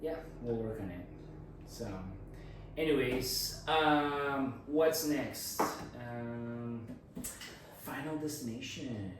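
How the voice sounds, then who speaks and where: A man's voice: mid-range voice, drawn-out words. A man co-hosting a casual podcast chat, easygoing and rambling, laughing often. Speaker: podcast co-host. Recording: echoey room, distant mic, faint noise.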